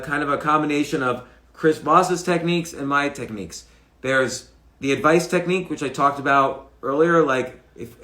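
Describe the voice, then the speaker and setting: A man's voice: on the high side, a bit bright. A middle-aged man hosting a casual live stream, talking loosely into a mic on a stand, restarting phrases and acting out bits of dialogue. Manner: conversational, restarts phrases, acts out dialogue examples. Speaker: host. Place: home room, livestream. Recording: roomy echo.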